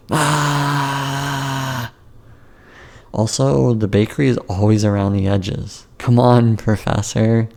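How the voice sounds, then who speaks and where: A man's voice: on the low side, creaky, dark tone. A man narrating his own memoir as an audiobook, casual and joking, with wry asides.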